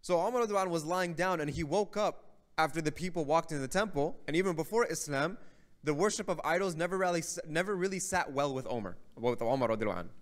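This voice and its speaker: A man's voice: fairly high pitch, animated, fast. A man giving a religious lecture, telling a story in a conversational way and often checking in with the audience. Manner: conversational storytelling with frequent "right?". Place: mosque hall.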